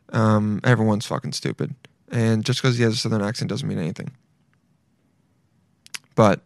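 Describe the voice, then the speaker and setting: A man's voice: lowish voice, gravelly, no echo. A young man giving casual, profane, mocking commentary while reacting to a video, rambling as he goes.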